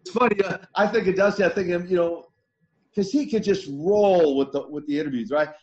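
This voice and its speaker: A man's voice: sits high, fairly quick, a little mellow, muffled recording. A man in his sixties, a former wrestler as guest, telling stories animatedly, laughing and restarting his sentences. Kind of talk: casual interview storytelling.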